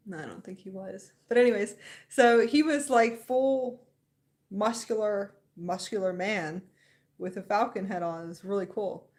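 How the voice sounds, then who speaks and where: A young woman talks off the cuff on a spiritual livestream, rambling and excited. She laughs often as she chats, in a voice of ordinary pitch. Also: measured pace. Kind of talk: casual livestream chat.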